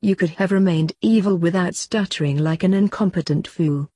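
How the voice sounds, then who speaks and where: A mouthy young witch, voiced by a woman reader complains bluntly and in exasperation. The voice sits low and husky, recorded close and dry. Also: normal speed, mellow, dry recording, lightly acted. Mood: exasperated.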